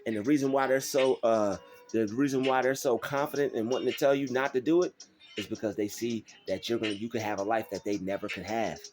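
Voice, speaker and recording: A man giving a faith-based motivational talk, preachy and animated, acting out doubters in mocking voices. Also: medium pitch, a little fast, faint music behind. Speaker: motivational vlogger.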